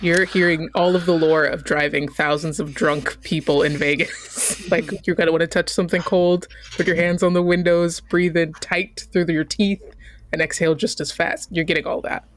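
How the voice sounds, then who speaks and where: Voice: medium pitch, fairly even intonation, moderate pace. A player at a tabletop game, easygoing and given to chuckling asides.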